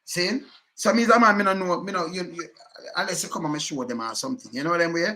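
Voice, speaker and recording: A man's voice: sits high, fast, bright, forceful tone. A Jamaican man giving heated, emphatic commentary in patois, repeating himself and cursing often.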